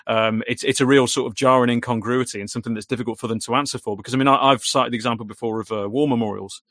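A man talks quickly and eagerly, tripping over restarts as his strained voice starts to wear thin. The sound is close and dry, with almost no room around it. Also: mid-range voice, no echo. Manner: rapid, animated, many restarts. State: voice going hoarse. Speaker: guest. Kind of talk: casual conversation.

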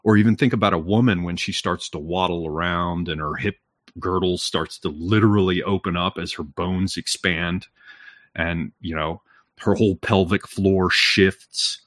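A lowish male voice in casual chat, blunt and profane, building his point with a steady string of "right?"s. The recording is dry and close, with no room sound. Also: moderate pace, no echo. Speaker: podcast talker.

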